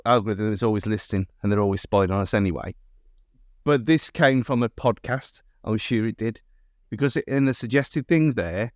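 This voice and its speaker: A man from England with a mid-range voice, musing aloud on a podcast and often restarting his sentences. The sound is close and dry, with no room echo. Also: mid-range voice. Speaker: podcast co-host. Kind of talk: casual chat.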